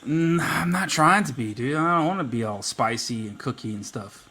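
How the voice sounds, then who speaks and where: A man's voice: mid-range voice, animated, normal speed, crowd noise. A man hosting a livestream, chatting casually and teasing a friend in a joking, playful way. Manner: teasing, joking, full of "like" fillers. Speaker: livestream host.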